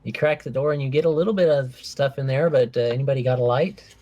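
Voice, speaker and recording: A man as game master, narrating a tabletop game and slowing down to describe each scene in detail. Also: mid-range voice, mellow, muffled recording.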